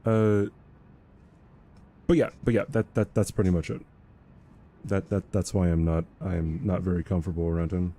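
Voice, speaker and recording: A man's voice: sits low, fairly even intonation, normal speed, long pauses, warm tone. A young man streaming a game, chatting casually and rambling, repeating words and ending points with "right?". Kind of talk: casual livestream chat while gaming.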